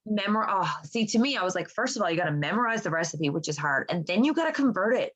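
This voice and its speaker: Animated swearing woman podcast co-host. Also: mid-range voice, fast talker, low-quality recording. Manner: animated, swears often, lots of "like". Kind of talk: casual chat.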